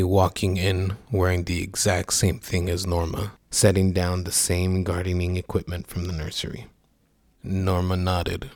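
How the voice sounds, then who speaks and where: A man narrating a scripted story in a measured, somber way. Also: low voice, completely flat delivery, a little mellow, no room sound.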